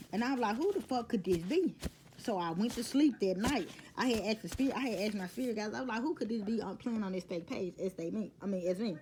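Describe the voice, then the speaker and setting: A woman telling a story in a casual vlog, animated and blunt, swearing often. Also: medium pitch. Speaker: storyteller vlogger.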